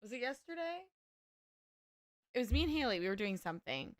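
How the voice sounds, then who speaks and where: A woman hosting a livestream, chatting casually and telling stories in an animated, profane way. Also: on the high side, brisk, no room sound, studio quality. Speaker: livestream host. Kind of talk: casual chat while gaming.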